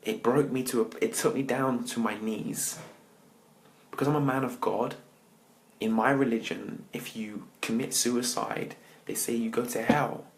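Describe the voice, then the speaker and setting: A man, a motivational speaker, telling his personal story to an audience with dramatic pauses, often dropping his voice to near-whispers. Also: mid-range voice, fairly even intonation, rough recording.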